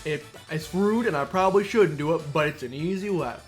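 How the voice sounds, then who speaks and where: A man's voice: fairly high pitch, brisk. A man giving casual, playful commentary while playing a video game, chatting and muttering asides. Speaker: let's play streamer. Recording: faint game music behind.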